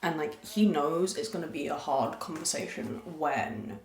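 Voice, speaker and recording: A young woman hosting her podcast, chatting candidly and rambling with crude jokes, talking softly. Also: low voice, lively intonation, normal speed. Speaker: podcast host. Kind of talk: casual confessional chat. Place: room at a farm. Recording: echoey room.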